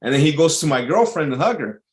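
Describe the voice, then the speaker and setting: A man's voice: fairly high pitch, sing-song, quick pace. A man hosting a show, giving blunt, profane advice in a casual rant, often asking "you know what I mean". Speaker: show host.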